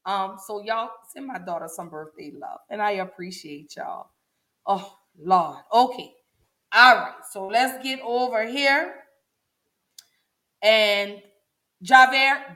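A woman's voice: mid-range voice, slow, a bit bright. A woman, hosting a casual livestream and talking straight to her viewers, chatty and emotional. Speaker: show host.

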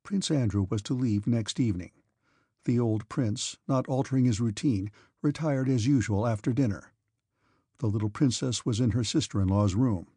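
A male audiobook reader narrates a classic novel in a measured, steady voice. His tone is dark and mellow with a husky edge. The recording is close and dry, with no room sound. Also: medium pitch, dry recording. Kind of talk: scripted narration.

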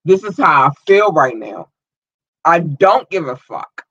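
Brief: outspoken woman streamer, tense bright delivery, dry, muffled stream sound. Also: low-pitched, big pitch swings, measured pace, slightly rough, no echo. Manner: heated, profane, emphatic. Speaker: livestream host. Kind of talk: casual livestream rant. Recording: dull lo-fi stream audio.

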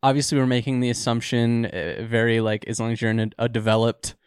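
A man's voice: medium pitch, steady tone, fast talker, clear, resonant tone, dry recording, clean studio sound. A man co-hosting a podcast in casual chat, laughing often and chiming in with agreeable reactions. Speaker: podcast co-host.

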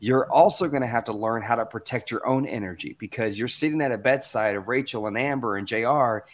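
Man, from the american south, guest speaker, motivational storytelling, animated, conversational, middle pitch, video call. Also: a little fast. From Southern United States. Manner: animated and conversational, acts out quoted voices.

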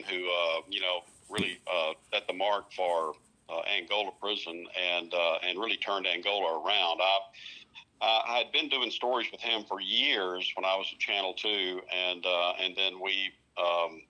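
Bright-voiced man rambling as a guest. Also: low voice, low-quality recording. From North Louisiana. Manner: rambling, many fillers and restarts. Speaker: guest, prison communications director. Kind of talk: casual interview chat.

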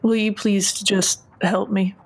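A woman's voice: medium pitch, flat delivery, slow, husky. A woman voicing a proud, wounded young woman who speaks formally and properly.

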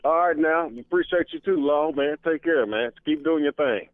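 A man's voice: a little high, moderate pace, dry recording. A man calling in to a sports show, telling a rambling story and cussing freely. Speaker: caller. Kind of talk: casual phone call-in chat. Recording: dry tinny phone line.

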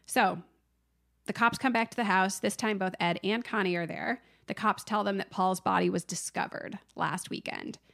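Woman podcast co-host with a gravelly edge who tells the plot with animated energy and acts out the quotes. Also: mid-range voice, moderate pace. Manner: animated storytelling, acts out the film's lines. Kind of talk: casual movie recap chat.

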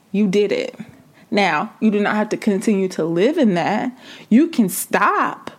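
A woman's voice: on the high side, animated, unhurried, a little mellow. A woman preaching a sermon, building fervor through repeated rhetorical questions. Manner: impassioned, repetitive rhetorical questions.

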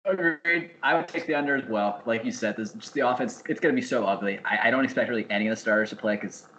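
A man's voice: mid-range voice, fast, sharp tone, lo-fi sound. A man co-hosting a casual podcast, laughing often and acting out gym scenes. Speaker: podcast co-host. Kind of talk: casual chat. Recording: roomy with faint background noise.

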